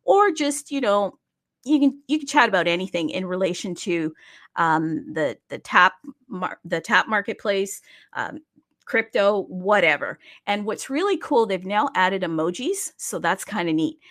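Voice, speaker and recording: Female livestream host, mid-pitched, energetic, chatty and openly salesy promo delivery. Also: measured pace.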